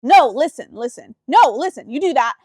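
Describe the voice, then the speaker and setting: High-voiced young woman, dry close sound. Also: expressive, moderate pace, darkish tone, dry recording. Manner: playful, dramatic storytelling. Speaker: podcast co-host. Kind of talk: casual chat.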